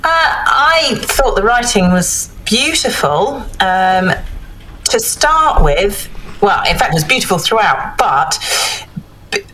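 A woman giving measured feedback on a piece of writing in a casual panel discussion. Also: mid-range voice, sing-song, a bit bright, a little hiss or hum, poor audio. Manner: thoughtful, measured critique with many fillers.

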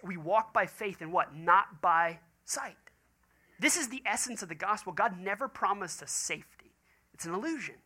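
A man, a pastor preaching a sermon and telling stories in acted quoted voices. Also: sits high. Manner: animated storytelling with quoted voices.

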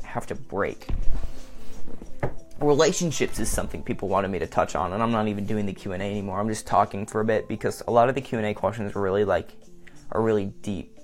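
A man talking on his own in a casual vlog, rambling between topics, swearing, and often saying "like.". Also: lowish voice. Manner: rambling and self-mocking, swearing, frequent "like". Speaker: vlogger. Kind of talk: casual solo monologue.

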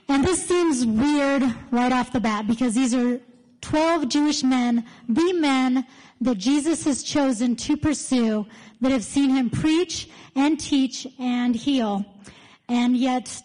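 A woman in her thirties leading a Bible study, chatty and candid, telling stories as she teaches. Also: high voice. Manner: chatty, candid, lively storyteller. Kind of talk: casual teaching with storytelling. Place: church meeting room with group.

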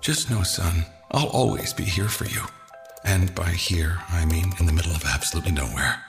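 A gravelly, deep-voiced new dad. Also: male voice, moderate pace. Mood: tender. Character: new father doting on son, RV lover. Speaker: ad character. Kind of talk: comic radio ad. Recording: ad over music in long reverb.

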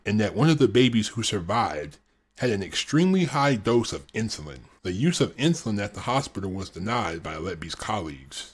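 A man's voice: fairly low pitch, slightly rough. A man hosting a podcast, reading true-crime narration with the odd dry, sarcastic aside. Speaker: podcast host.

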